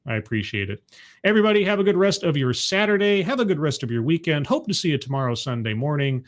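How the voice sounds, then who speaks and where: Rambling man, slightly high voice. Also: sing-song, fast. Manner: rambling, self-deprecating, with restarts. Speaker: streamer. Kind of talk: casual live-stream sign-off.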